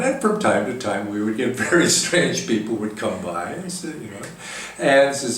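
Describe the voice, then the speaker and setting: Man giving a spiritual talk, slow halting storyteller, lots of uh's, far off mic in a big echoey hall. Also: mid-range voice, big pitch swings, a little hiss or hum. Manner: gentle, halting storyteller with many pauses and fillers. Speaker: spiritual teacher.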